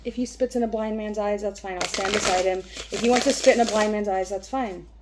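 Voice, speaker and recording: A woman vlogger who reads a text aloud haltingly and breaks off into rambling, profane talk. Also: mid-range voice, fairly even intonation, background noise. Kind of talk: reading aloud and casual ranting.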